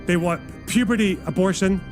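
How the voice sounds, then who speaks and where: Brief: man doing a shrill, preachy pundit parody, loud and tongue-tied. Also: normal speed, soft background music, lightly acted. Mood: flustered ranting. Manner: loud, preachy, trips over its own talking points. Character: ranting male political pundit, doom-preaching and indignant.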